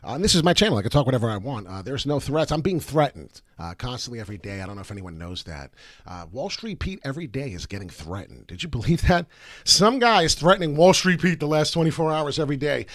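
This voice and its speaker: A New Jersey-accented man hosts a live crypto chart stream, rambling and cursing as he hypes his picks. His pitch jumps around a lot. The sound is dry, with no room echo. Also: big pitch swings, fast talker. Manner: hyped, profane, rambling. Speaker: crypto livestream host.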